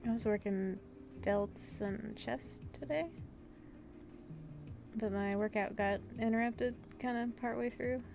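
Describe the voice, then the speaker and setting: A woman co-hosting a gaming livestream, chatting in an easygoing way and quick to laugh. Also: fairly high pitch, creaky, noisy background. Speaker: livestream co-host. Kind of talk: casual gaming stream chat.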